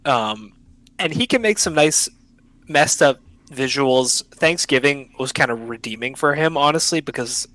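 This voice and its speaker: Expressive and unhurried, this young podcast host talks in a mid-range, slightly bright voice during a casual chat on an online call. He's enthusiastic and full of slang and keeps interrupting himself mid-sentence, and the recording is dry and rough.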